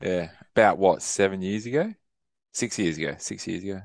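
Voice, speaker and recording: A man's voice: deep voice, normal speed, gravelly, no room sound, clean studio sound. A young man co-hosting a podcast, rambling through stories, laughing often and swearing casually. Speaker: podcast co-host. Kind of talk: casual chat.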